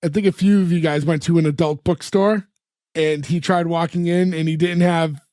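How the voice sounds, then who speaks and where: A man's voice: on the high side, steady tone, moderate pace, mellow, dry recording, studio quality. A man co-hosting a podcast, casually retelling a sitcom episode scene by scene and acting out the characters' lines as he goes. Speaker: podcast co-host. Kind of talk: casual chat recapping a TV episode.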